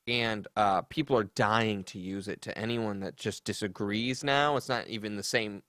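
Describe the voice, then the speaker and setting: A man's voice: fairly low pitch, moderate pace, a bit bright, no echo, studio quality. A man hosting a comedy podcast, chatting casually and mockingly about online drama. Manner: sarcastic, mocking, with sassy put-on voices for quotes. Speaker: podcast host.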